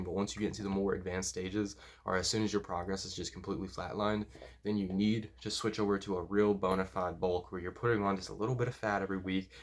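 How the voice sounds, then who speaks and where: A man giving casual, blunt, profanity-laced lifting and diet advice as a powerlifting coach. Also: sits low. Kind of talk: casual talking-head advice.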